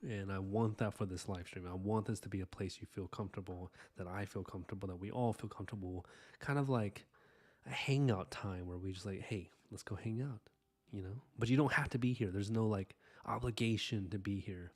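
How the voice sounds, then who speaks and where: A man hosting an art live stream, chatting casually and earnestly with viewers while he inks, full of fillers and soft asides. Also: fairly low pitch, brisk. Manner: earnest, rambling, warm-hearted thanks to viewers. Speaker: live-stream artist host.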